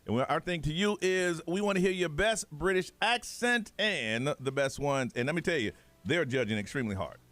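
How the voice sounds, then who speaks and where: Male radio host, fairly high voice, very lively pitch, teasing, upbeat banter. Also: moderate pace, no echo. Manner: joking, teasing callers. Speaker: radio morning show host.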